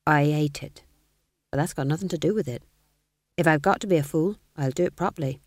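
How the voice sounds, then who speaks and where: A woman voicing a shy, earnest young male court jester in a low, soft, careful voice. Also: brisk, no echo, studio quality.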